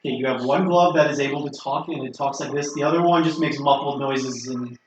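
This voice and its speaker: A man's voice: medium pitch, fairly quick, distant mic, a little hiss or hum. A man acting as game master, describing scenes loosely with many fillers. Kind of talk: narrating a tabletop game. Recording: dull, echoey room audio.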